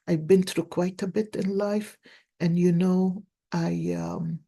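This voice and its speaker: A woman's voice: fairly low pitch, steady tone, takes it slowly, creaky, warm tone, slightly rough. A woman in her sixties giving a casual card reading, telling stories earnestly with many restarts. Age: 60s. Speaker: tarot card reader and life coach.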